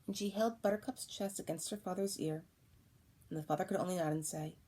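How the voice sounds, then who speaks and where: This is a woman reading a storybook aloud at a middle pitch. Her narration is calm and steady. She slips into voices for the characters as she goes. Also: fast talker, slightly rough. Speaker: audiobook reader.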